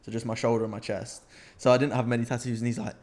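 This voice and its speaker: A man's voice: mid-range voice, racing. Young British man telling wild stories. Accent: British English. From Britain. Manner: animated anecdote-telling, laughs often. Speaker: podcast co-host. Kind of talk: casual storytelling chat.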